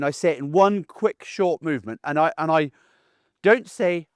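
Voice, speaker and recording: Plain-spoken man with a higher voice. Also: normal speed, clear, resonant tone, no echo, studio quality. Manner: plain-spoken, assertive, down-to-earth; checks in with frequent "okay?". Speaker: dog trainer. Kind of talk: instructional talk to camera.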